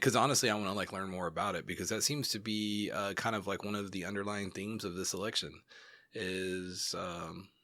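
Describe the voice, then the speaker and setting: A man's voice: low voice, pushed and bright, no echo. A man co-hosting a podcast in casual chat, rambling with lots of fillers and blunt, profane opinions. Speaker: podcast co-host. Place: home studio. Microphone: studio mic.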